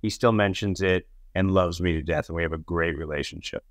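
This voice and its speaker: A man co-hosting a podcast, telling his acting-set stories in an animated way and swearing casually. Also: low-pitched, fairly quick, no room sound, studio quality. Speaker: podcast co-host and actor. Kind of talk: casual storytelling chat.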